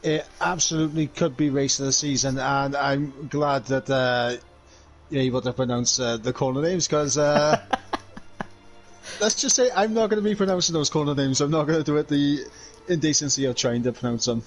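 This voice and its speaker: A man's voice: on the high side, steady tone, normal speed, soft background music, low-quality recording. A man co-commentating live on an esports race, hesitant and full of "uh"s. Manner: hesitant, many "uh"s.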